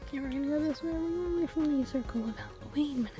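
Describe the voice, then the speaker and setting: A woman's voice: sits high, very fast, over music. A woman streamer giving casual, playful let's-play commentary on a desktop USB mic, giggling and humming along. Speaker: game streamer.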